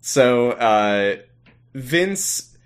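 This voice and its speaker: A man's voice: mid-range voice, very slow, clear, resonant tone. A man co-hosting a podcast, casually recapping an episode and laughing as he acts out the characters. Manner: laughing, animated retelling with quoted voices. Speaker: podcast co-host.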